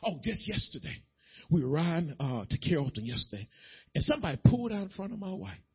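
A man's voice: on the high side, sing-song, fast, slightly rough, dull audio. A man preaching a sermon in a folksy, emphatic way, addressing the congregation directly in a church sanctuary. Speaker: pastor.

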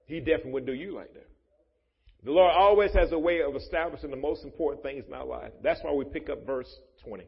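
Husky-voiced preacher in an echoey church. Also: male voice, on the high side, fast talker. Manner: preaches with loud rising emphasis and joking asides. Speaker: pastor. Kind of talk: sermon. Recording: muffled, echoey church hall.

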